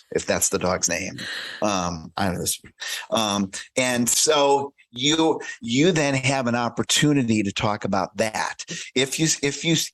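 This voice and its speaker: A man speaking as a coach in a casual podcast interview, animated and acting out little dialogues, with many restarts and repeated words. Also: mid-range voice, no room sound. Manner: animated, acts out little dialogues in shifting voices. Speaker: career and life coach guest.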